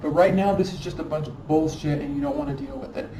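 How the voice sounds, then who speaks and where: A woman with a deep, expressive voice speaks fast as she gives a tarot reading, scolding and emphatic, repeating phrases for stress. The room is echoey, the mic sits at a distance, and there's faint background noise.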